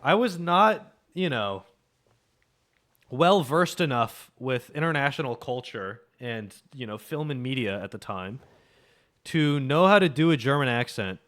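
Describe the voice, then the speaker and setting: A young man streams a game, chatting casually with his viewers, cracking jokes and swearing freely. His mid-range voice is animated and a bit bright, and he talks a little slowly.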